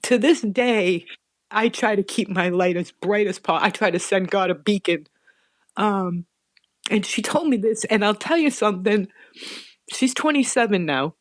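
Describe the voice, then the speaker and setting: A middle-aged woman telling a personal story as a guest, earnest and animated, often restarting her sentences. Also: mid-range voice, normal speed, dry recording, clean studio sound.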